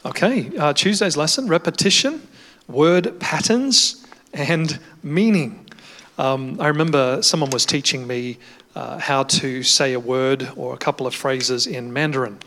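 Brief: male Bible study teacher, bright forward tone, measured with fillers, long hall reverb. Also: medium pitch. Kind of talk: Bible lesson discussion.

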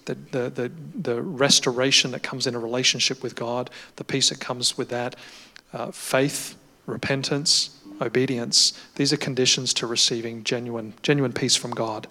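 Brief: male Bible study teacher, bright forward tone, measured with fillers, long hall reverb. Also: medium pitch, flat delivery. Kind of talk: Bible lesson discussion.

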